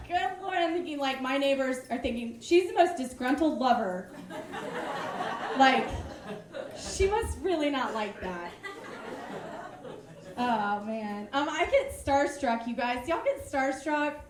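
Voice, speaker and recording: Woman, high bright register, excitable stand-up host; club room echo. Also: slow. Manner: bubbly, excitable, self-mocking. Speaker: comedy show host. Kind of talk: live stand-up comedy. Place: comedy club stage.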